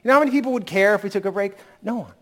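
Still recovering from a cold that has hung on, this man delivers a candid, conversational sermon, breaking into sudden emphatic rises. The pastor's high, fairly bright voice comes out rapid-fire.

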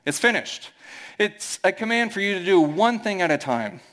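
High-voiced Midwestern pastor preaching. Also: male voice, sing-song, moderate pace, a bit bright. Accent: American Midwest. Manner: conversational preaching, acts out quoted voices. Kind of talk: sermon.

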